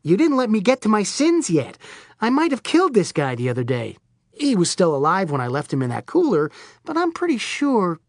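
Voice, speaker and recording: A woman's voice: mid-range voice, huge pitch swings, fairly quick, dry recording, clean studio sound. A woman voicing a manic, wisecracking male Florida oddball who rambles theatrically and irreverently. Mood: flippant. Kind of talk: audiobook character voice.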